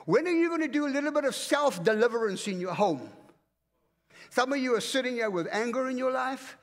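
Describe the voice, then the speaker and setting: A man from Africa preaching a fervent, commanding sermon in a church, swinging between loud and hushed. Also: very high voice, animated, fairly quick. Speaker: pastor. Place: church auditorium. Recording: reverberant church hall.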